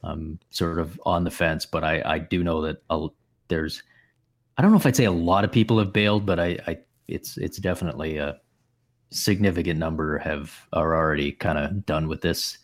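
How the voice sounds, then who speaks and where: Deep-voiced man musing over sports. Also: steady tone, moderate pace. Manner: musing, thinks aloud with many restarts. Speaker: podcast co-host. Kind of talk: casual sports chat.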